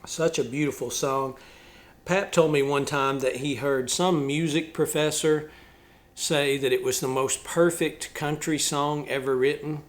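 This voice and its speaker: A man's voice: on the high side, steady tone, a little slow. A male musician and channel host talking casually about a song, thoughtful and explaining step by step with small restarts.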